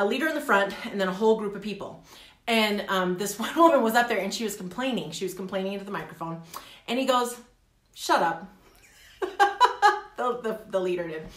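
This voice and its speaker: A middle-aged woman talking candidly in a personal vlog, animated and laughing often. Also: fairly high pitch, reverberant. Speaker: vlogger. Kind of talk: casual personal vlog talk.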